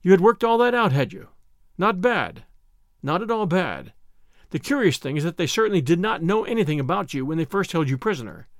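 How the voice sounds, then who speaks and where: A man voicing a grave older male lawyer who speaks in a measured, dry way with clipped questions. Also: high-pitched, sing-song, no echo.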